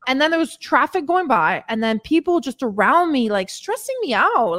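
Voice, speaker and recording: A woman's voice: sits high, big pitch swings, moderate pace, a bit bright. A woman fitness coach talking candidly and casually to her listeners in a motivational podcast, calling them ladies and swearing now and then. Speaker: weight-loss fitness coach.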